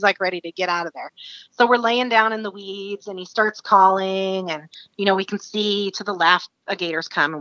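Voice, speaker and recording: A woman from Alaska, a guest, telling a story in a casual, animated way with many fillers and frequent laughter. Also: mid-range voice, no echo, dull audio.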